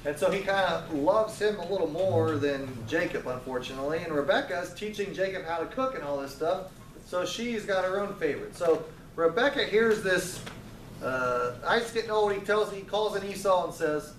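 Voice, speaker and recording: A man's voice: high voice, normal speed, a little hiss or hum. A man teaching a casual Bible class, telling the story conversationally with joking asides and frequent restarts. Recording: roomy, distant, faint ambience.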